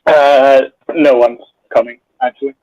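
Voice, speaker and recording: A man's voice: medium pitch, steady tone, a little slow, a little mellow, no room sound, lo-fi sound. A man playing a tabletop game, hesitant and sheepish, stumbling over uh's. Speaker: player.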